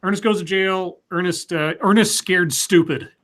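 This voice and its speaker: A man's voice: high-pitched, fairly even intonation, moderate pace, a bit bright. A man co-hosting a livestream, talking casually with fillers and repeated words. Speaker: stream co-host.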